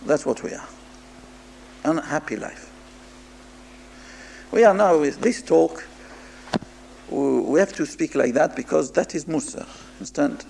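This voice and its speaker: A man, a rabbi, giving a moral sermon in English mixed with Hebrew terms, pausing and repeating words as he goes. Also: on the high side, lively intonation, creaky, darkish tone, a little hiss or hum. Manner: halting, repeats words, mixes Hebrew terms into English, asks listeners "understand?". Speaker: rabbi giving a Musar talk.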